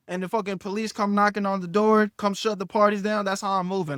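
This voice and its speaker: A young man tells a personal story to the camera in a loose, profane, animated way. He acts out quotes and swings from quiet asides to loud bursts. His voice sits a little high, and the sound is dry and close. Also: brisk, few pauses, clean tone, no echo. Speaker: storytime YouTuber. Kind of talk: casual storytime monologue.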